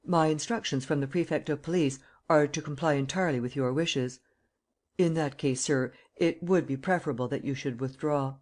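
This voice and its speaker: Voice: medium pitch, moderate pace, a little mellow, close to an everyday voice. An audiobook reader voicing a tall, impatient visitor with a foreign accent, curt and commanding. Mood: formal.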